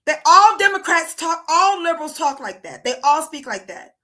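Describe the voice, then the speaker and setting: A woman's voice: very high-pitched, big pitch swings, moderate pace, sharp tone. A woman hosting a political livestream, ranting in a heated, profane, casual way. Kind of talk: casual live-stream commentary. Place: abroad while traveling.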